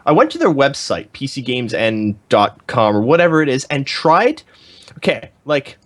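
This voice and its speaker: Animated ranting man co-hosting a stream. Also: medium pitch, normal speed. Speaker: podcast co-host. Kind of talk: casual live-stream chat.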